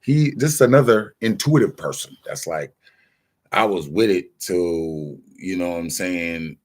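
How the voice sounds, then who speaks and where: A man with a low, lively voice hosts a casual livestream, speaking unhurriedly as he rants insistently and defensively. He tells stories in heavy streetwise slang, acting out the exchanges he recounts.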